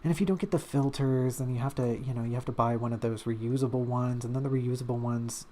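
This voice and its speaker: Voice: mid-range voice, fairly even intonation, fast, mellow. A streamer chatting in a loose, rambling way while drawing on stream, full of self-mocking asides and little hums. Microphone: desk streaming mic.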